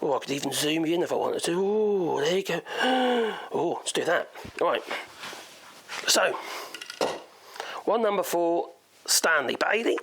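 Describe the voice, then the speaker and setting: A man's voice: a little high, lively intonation, moderate pace, gravelly, pauses often, fairly bright tone, slight background noise. A man with a Norfolk accent giving a chatty, rambling woodworking demonstration in his workshop, thinking aloud as he goes. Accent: Norfolk English. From Norfolk, England.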